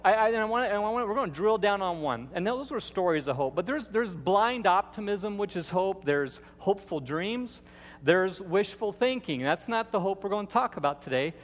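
A man who is the lead pastor, giving a sermon in a church with folksy, playful storytelling. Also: sits high. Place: church sanctuary. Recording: long hall reverb.

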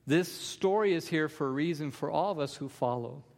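A man's voice: a little high, moderate pace, gravelly, in a large hall. A man preaching a sermon as pastor, emphatic, with repeated refrains.

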